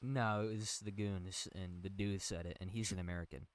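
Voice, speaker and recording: A man's voice: deep voice, fairly even intonation, normal speed. A young man co-hosting a podcast in casual chat, teasing and drawing out his stories. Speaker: podcast co-host.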